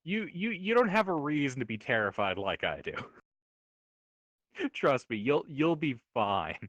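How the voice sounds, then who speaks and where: A man playing a tabletop game, talking fast and stammering, repeating words. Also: mid-range voice, big pitch swings, fairly bright tone, no room sound, dull audio. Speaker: player. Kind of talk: casual tabletop play.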